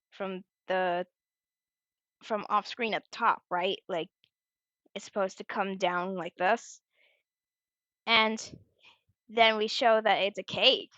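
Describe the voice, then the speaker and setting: A woman's voice: medium pitch, bright, forceful tone, no room sound. A woman chattily explaining her fan storyboard, giggly and full of restarts, on a dull lo-fi recording.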